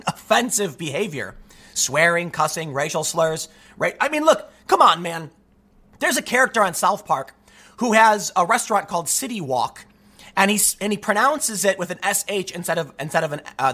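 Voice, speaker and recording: A man's voice: high-pitched, bright, forceful tone. A man delivering a solo commentary monologue, arguing his point with rhetorical questions and frequent restarts. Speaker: political commentary host.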